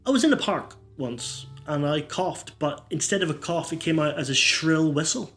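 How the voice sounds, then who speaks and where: A man's voice: fairly high pitch, lively intonation, normal speed, hardly any pauses, a bit bright, faint music behind. A man doing stand-up one-liners, rambling and stumbling over his words. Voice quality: rambling, self-interrupting. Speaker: stand-up comedian.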